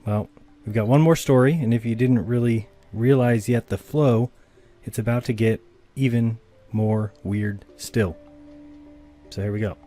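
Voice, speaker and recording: A man's voice: medium pitch, fairly even intonation, a little slow, warm tone, soft background music. A man giving dry, wry voice-over commentary between clips. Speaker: channel host commenting on a clip.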